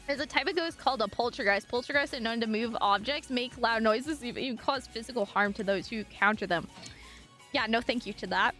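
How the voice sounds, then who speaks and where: A young woman streamer from French Canada, bubbly and rambling as she talks with her chat. Her voice sits high and swoops all over, with faint music playing behind her. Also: pushed and bright. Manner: bubbly, rambling, full of fillers and sudden squeals. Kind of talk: casual live-stream chat. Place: home streaming room.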